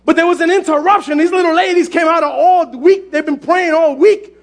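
High-pitched shouting preacher man. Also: a little fast. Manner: fervent preaching, often shouting; animated storytelling with exclamations. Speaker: pastor. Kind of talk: sermon. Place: church sanctuary.

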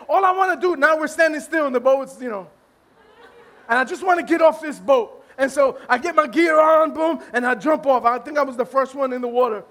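A male pastor telling a humorous story during a sermon, animated and self-deprecating, laughing often and restarting his sentences. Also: extremely high pitch, fairly quick.

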